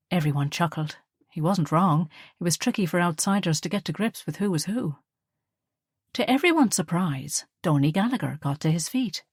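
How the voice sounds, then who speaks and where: Audiobook narrator: woman, measured storytelling, slightly low, dry sound. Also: expressive, breathy edge, no echo. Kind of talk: scripted narration.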